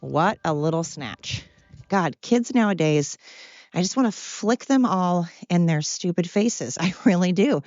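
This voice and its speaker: Woman podcast host, low voice, opinionated and blunt, rambles freely. Dry, dull lo-fi recording. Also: darkish tone, dry recording. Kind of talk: casual solo monologue.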